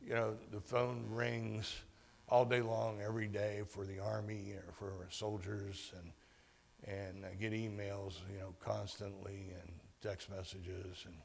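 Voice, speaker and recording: A man giving a speech to a club meeting, telling a personal story in a halting way with many fillers and restarts. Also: on the low side, level tone, gravelly, in a large hall. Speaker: guest speaker at a club meeting. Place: meeting hall.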